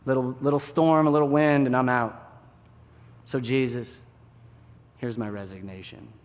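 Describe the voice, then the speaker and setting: A man's voice: medium pitch, little pitch movement, a little fast, in a large hall, lightly acted. A pastor voicing an impulsive, self-doubting grown man confessing his failures in an earnest, self-deprecating way. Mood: resigned.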